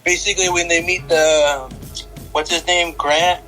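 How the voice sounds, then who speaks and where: A man's voice: a little high, flat delivery, a little slow, bright, forceful tone, faint music behind, rough recording. A young man co-hosting a podcast, rambling casually about a film, swearing and saying "dude" often. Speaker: podcast co-host.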